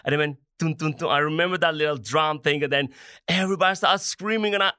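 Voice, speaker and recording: A man in his forties with a bright, forceful voice tells his story as an interview guest. He talks in an animated way, slips into quoted dialogue and uses grammar. The recording is dry and close. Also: a little high, fast, clear, resonant tone, no echo. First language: French. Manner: animated, acts out dialogue, non-native grammar.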